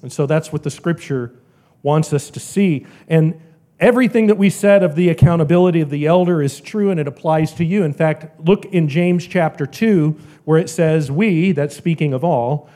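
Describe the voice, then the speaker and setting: A man preaching a sermon in church, earnest and emphatic, his voice rising and falling sharply in loudness. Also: a little high, unhurried. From American South. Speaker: pastor.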